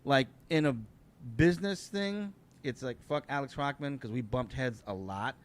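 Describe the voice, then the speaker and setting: A middle-aged male comedian tells a story on a podcast in a casual, rambling way. He swears freely and keeps doubling back to fill in who is who. His voice sits at an ordinary middle pitch. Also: moderate pace, a little hiss or hum. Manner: profane, rambling anecdotes. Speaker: guest comedian.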